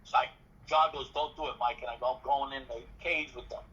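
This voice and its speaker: A man being interviewed, telling a story in a casual, animated way, acting out dialogue and swearing freely. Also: medium pitch, a little fast, husky. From New York City. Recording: dull lo-fi recording.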